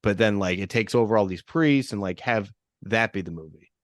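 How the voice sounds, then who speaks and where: A man's voice: fairly low pitch, moderate pace, dry recording, studio quality. A man co-hosting a podcast, chatting casually about horror movies and restarting his sentences often. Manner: rambling, many restarts and fillers. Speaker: podcast co-host.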